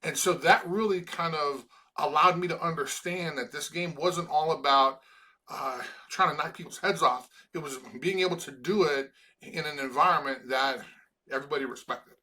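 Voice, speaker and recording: A man's voice: on the high side, sharp tone. A middle-aged man from Chicago, a former college football player, talking earnestly in an interview and often restarting his sentences. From Chicago, USA. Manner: earnest, halting with many restarts. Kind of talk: emotional interview conversation.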